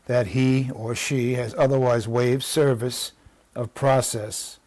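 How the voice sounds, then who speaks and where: A man's voice: mid-range voice, flat delivery, takes it slowly, a little mellow, no echo. A man with a New York accent, reading out legal text and explaining it in a conversational way. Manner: conversational, with frequent restarts and asides. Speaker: legal strategy instructor.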